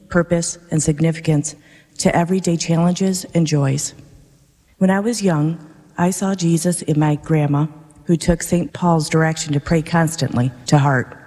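Mellow woman reading a testimony in church. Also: low-pitched. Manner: sincere, measured and gentle. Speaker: parishioner giving a testimony. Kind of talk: reading a personal faith testimony aloud. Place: large church. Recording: long church reverb.

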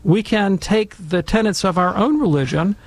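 Brief: gravelly man, slightly higher voice, animated storyteller. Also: moderate pace, no echo. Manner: animated, emphatic, conversational. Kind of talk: casual storytelling and commentary.

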